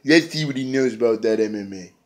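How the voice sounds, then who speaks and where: A man voicing a menacing male fighter, taunting a rival slowly. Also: mid-range voice, close to an everyday voice.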